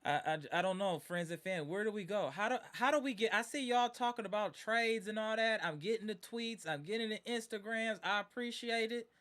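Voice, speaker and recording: A man with a high, bright voice hosts a live fan stream and vents in exasperation. He repeats his points and talks straight to his viewers. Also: a little fast, few pauses. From Wisconsin. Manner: exasperated, ranting, repeats himself.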